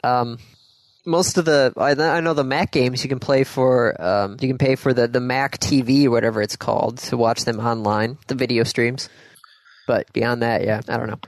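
A man co-hosts a relaxed podcast and rambles between news items he reads aloud. His voice sits at a middle pitch and sounds dry and close to the mic. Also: normal speed, no echo, low-quality recording. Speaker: podcast co-host. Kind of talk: casual chat.

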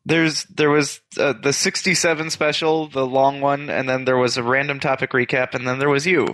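A man's voice: medium pitch, little pitch movement, normal speed, fairly bright tone, no room sound. A man hosts a podcast in easy casual chat, wandering through his points and stopping to correct himself. The sound is dry and close, with no room around it. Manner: rambling, self-correcting. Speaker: podcast host.

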